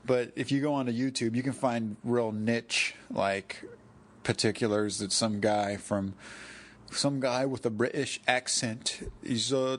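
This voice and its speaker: A man's voice: mid-range voice, normal speed, a bit bright. A man with a mid-range voice talks on his own in a loose, wandering monologue. He drifts from one subject to the next, corrects himself mid-sentence and laughs at his own asides. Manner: digressive, self-correcting, chuckling asides. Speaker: podcast host. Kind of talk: rambling solo monologue.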